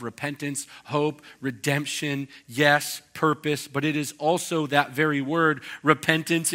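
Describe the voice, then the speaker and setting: Bright-voiced man preaching a sermon. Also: a little high. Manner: conversational preaching with acted-out quotes. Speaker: pastor. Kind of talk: expository sermon.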